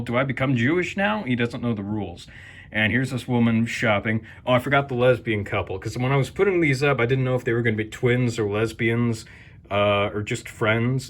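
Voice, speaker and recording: A man's voice: fairly low pitch, a bit bright. Wisecracking man giving a casual tour. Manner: wisecracking, crude, rambling with fillers. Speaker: video host. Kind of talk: casual show-and-tell narration.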